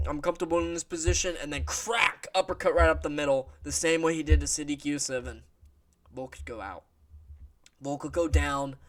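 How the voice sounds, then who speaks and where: A man's voice: mid-range voice, fairly bright tone. A man giving a casual, blunt fight prediction in a vlog, swearing freely and sharing strong opinions. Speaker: MMA fight analyst.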